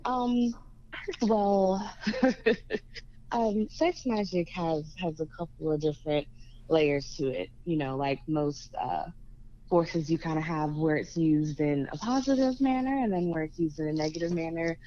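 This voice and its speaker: A woman's voice: deep voice, normal speed, mellow, highs cut off. A woman guest on a talk show, explaining thoughtfully and laughing easily. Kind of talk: casual conversation.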